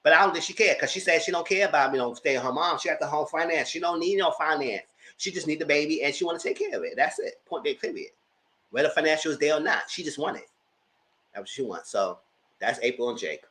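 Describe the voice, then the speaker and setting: A man's voice: a little high, lively intonation, quick pace, pushed and bright. A man giving casual, slangy, gossipy commentary while reviewing reality TV. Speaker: TV show reviewer.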